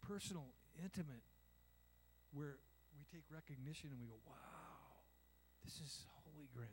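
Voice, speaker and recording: An older pastor with a slightly high voice delivers a conversational sermon over slight background noise. He acts out little voices and asks the congregation "amen?"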